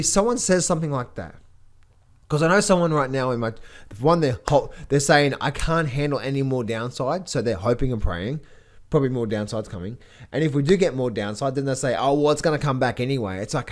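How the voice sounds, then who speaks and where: A man's voice: mid-range voice, animated, fairly quick. Blunt rambling man on markets. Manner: blunt, rambling, repeats words, laughs at own jokes. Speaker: trading educator. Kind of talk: casual market commentary.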